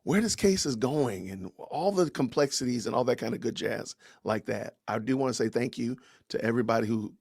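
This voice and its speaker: A man's voice: mid-range voice, brisk, vocal fry, hardly any pauses, darkish tone, husky, no room sound, studio quality. A man hosting a casual livestream podcast, greeting viewers with slangy, upbeat phrases and introducing his guest. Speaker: podcast host.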